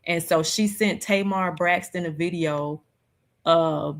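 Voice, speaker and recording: A woman hosting a livestream, talking slowly and reflectively in a casual chat with plenty of fillers. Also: lowish voice. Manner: slow, reflective, conversational with many fillers. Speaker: streamer host.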